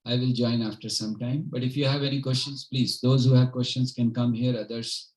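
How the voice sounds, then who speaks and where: A man's voice: mid-range voice, level tone, fairly quick, a little mellow, low-quality recording. A man leading a home gathering, giving an informal devotional talk with stories in an earnest manner and often checking in with his listeners.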